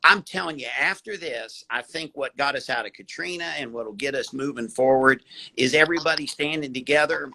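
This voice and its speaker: A man's voice: medium pitch, a little fast, creaky, rough recording. A man who works as a hospital doctor, talking casually on a live video call, folksy and affectionate. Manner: warm, folksy, calls the host baby.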